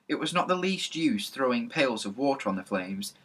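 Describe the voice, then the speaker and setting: A man reading a children's storybook aloud, narrating in a lively, even manner. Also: medium pitch, moderate pace. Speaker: reader.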